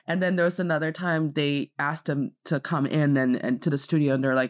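A podcast host chatting casually, reacting quickly with animated interjections and laughter. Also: mid-range voice.

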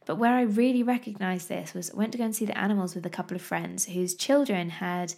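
A woman, chatting casually to camera about her toddler, animated, laughing often and losing her thread mid-sentence. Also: mid-range voice, quick pace, creaky.

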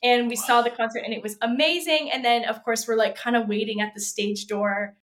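A woman's voice: fairly high pitch, fairly even intonation, fairly quick, a bit bright. A young woman from Canada, a flutist chatting as a podcast guest, bubbly and laughing often with plenty of fillers. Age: young adult. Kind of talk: casual interview chat.

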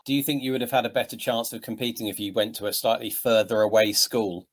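A man's voice: on the low side, steady tone, quick pace. Dry teasing man co-host. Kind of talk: casual chat.

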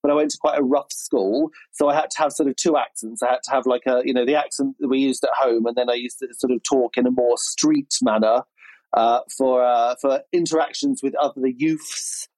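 A man from Berkshire with a Southern English accent tinged with Reading, telling a story in relaxed podcast chat. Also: medium pitch, a little fast, no echo, rough recording. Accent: Southern English, partly Reading. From Berkshire, England. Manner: relaxed storyteller, many fillers.

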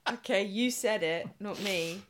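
A woman's voice: medium pitch, measured pace, fairly bright tone, slight background noise. A woman co-hosting a podcast in casual chat, playful and chatty with mock complaints. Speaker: podcast co-host.

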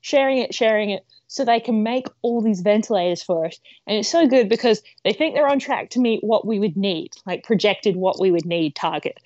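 A woman's voice: mid-range voice, animated, fairly quick, few pauses, a little mellow, no room sound. Chatty woman, dry dull sound. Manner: chatty storyteller, playful asides. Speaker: co-host. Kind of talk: casual podcast news chat.

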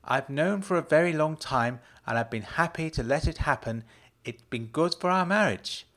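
A man's voice: fairly high pitch, expressive, moderate pace, voice pushed up. A man reading a story aloud, voicing a married woman who snaps angry accusations at her husband and his friend. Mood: accusing. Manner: accusing, snapping, loud. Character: middle-aged wife, furious, accusing, sharp-tongued.

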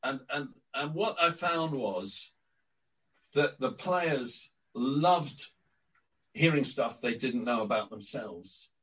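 A man's voice: mid-range voice, slow, far from the mic, low-quality recording. Older man telling anecdotes, off-mic. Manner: lively raconteur, acts out quotes. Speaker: interview guest, former club announcer. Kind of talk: anecdotal storytelling.

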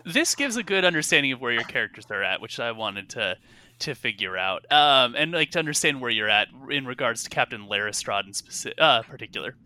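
A man running a tabletop game as game master, explaining rules and scenes in a rambling way full of fillers and self-corrections. His voice is very bright and recorded dry and close. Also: mid-range voice, expressive, fairly quick, no echo. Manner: rambling, many fillers and restarts.

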